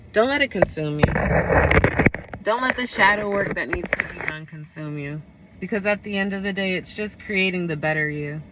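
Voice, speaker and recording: A rambling woman reading tarot, with a bright voice and faint background hiss. She talks in a casual, meandering way, full of fillers and self-corrections. Her pitch sits fairly low. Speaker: tarot reader.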